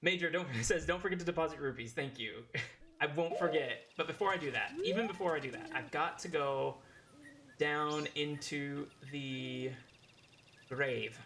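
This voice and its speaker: A man's voice: fairly high pitch, normal speed, pushed and bright. A man streaming a game and chatting casually with his audience, reading chat aloud and laughing often. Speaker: language teacher.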